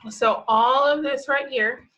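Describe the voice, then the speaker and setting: A woman teaching a remote phonics lesson to young children, stretching out each word slowly as she sounds it. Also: sits high, fairly even intonation, pushed and bright. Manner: slow, drawn-out sounding of words. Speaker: preschool teacher. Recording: slightly dull lo-fi audio.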